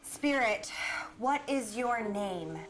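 A woman's voice: on the high side, expressive, slow pace, slight background noise. An actress playing a young woman who leads a seance, speaking in a solemn, commanding way. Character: bossy young woman spirit guide. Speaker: seance leader. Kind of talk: horror short film acting.

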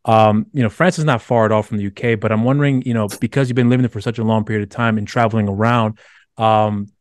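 A man's voice: fairly low pitch, fairly even intonation, fast talker, no echo, studio quality. A man hosting a podcast interview, asking long, winding questions. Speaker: podcast host. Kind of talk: casual interview chat.

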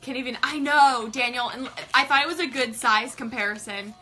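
A woman's voice: high voice, normal speed, pushed and bright, soft background music. A woman hosting a casual live stream, bubbly and gushing, greeting viewers by name. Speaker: livestream host.

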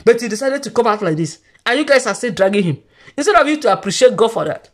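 A woman's voice: a little high, lively intonation, fast. A woman giving emphatic, repetitive, preachy casual commentary as a church gossip vlogger.

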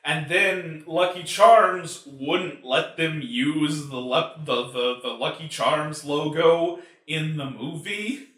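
A man's voice: fairly high pitch, slow pace, a bit bright. A man hosting a movie review show, ranting in a casual, profane, exasperated way with lots of filler words. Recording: roomy echo.

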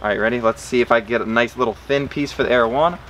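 Excitable man vlogging outdoors. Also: racing, slight background noise. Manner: excitable, talks to his fish in a high baby voice. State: in pain from a cut. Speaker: fishing vlogger. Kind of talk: casual vlog to camera. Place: outdoors by a backyard pond.

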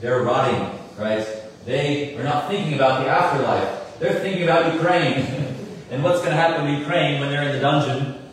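A man in his forties who tells a story to an audience, animated, with many fillers and asides. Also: mid-range voice, moderate pace. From United States. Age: 40s. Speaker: musician giving a talk. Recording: echoey hall, mic at a distance, faint room noise.

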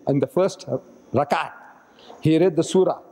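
A man's voice: fairly high pitch, normal speed, mellow. A man giving a religious lecture as a dramatic storyteller in a mosque, acting out the speakers he quotes. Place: mosque hall. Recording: echoey hall archive recording.

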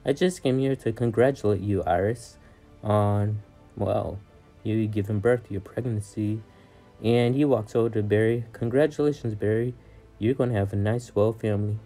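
A man's voice: on the low side, moderate pace, warm tone, soft background music. A man hosting a casual recap of a TV episode, talking in a loose, rambling way with fillers and quoted lines. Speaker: YouTube recap host.

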